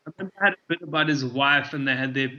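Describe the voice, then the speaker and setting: A man with a bright, forceful voice, telling comedy stories in a rambling way. He corrects himself as he goes. The audio is dull and lo-fi. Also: medium pitch, very fast. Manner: rambling, self-correcting storytelling. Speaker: comedian guest. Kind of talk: casual interview chat.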